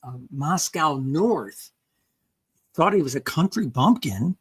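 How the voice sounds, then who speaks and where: A woman's voice: sits low, lively intonation, slow pace, husky. An older woman guest in a casual interview, rambling with frequent restarts and "okay" checks. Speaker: guest researcher and author.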